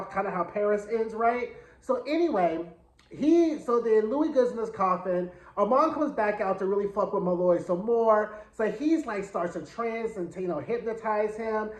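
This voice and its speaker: A man giving a casual episode recap. His retelling is chatty, slangy and dramatic. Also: high-pitched. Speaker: TV show reviewer. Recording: echoey room.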